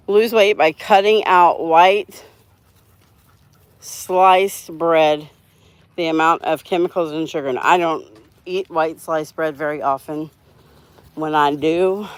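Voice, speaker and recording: Chatty woman hosting a livestream. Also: fairly low pitch. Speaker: livestream host. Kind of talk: casual livestream chat reading viewer comments.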